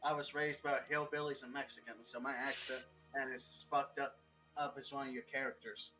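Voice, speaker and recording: A man's voice: mid-range voice, level tone, normal speed, sharp tone, soft background music, low-quality recording. A young man chatting as a guest on a writing stream, rambling, joking and swearing freely. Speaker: guest writer. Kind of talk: casual chat.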